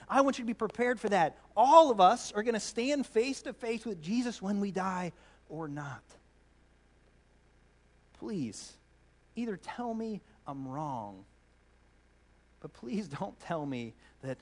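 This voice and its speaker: A man in his thirties preaching a sermon, animated and storytelling with playful asides. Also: high voice. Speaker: pastor.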